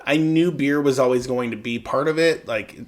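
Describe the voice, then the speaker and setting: A man co-hosts a casual podcast, speaking at a mid-range pitch. He talks in a relaxed, hesitant way, filling pauses with ums and likes. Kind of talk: casual chat.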